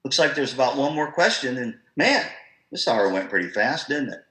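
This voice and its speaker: A man presenting an online professional-development talk to music teachers, in a lively, conversational, storytelling manner. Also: medium pitch, normal speed, roomy sound, poor audio.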